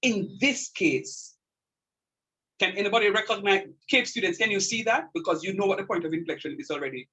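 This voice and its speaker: A middle-aged man lectures on calculus in a fairly high, husky voice. He keeps repeating his main point for emphasis and often stops to ask whether his students can see it. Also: fairly quick, bright, forceful tone, poor audio. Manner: repeats key points emphatically and checks understanding. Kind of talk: classroom math lecture.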